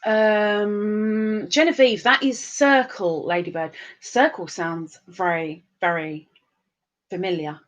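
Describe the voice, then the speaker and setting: A woman's voice: medium pitch, steady tone, slow. A woman, hosting a livestream and chatting casually as she reads out and greets viewers' comments in a sing-song, giggly way. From England. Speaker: livestream host.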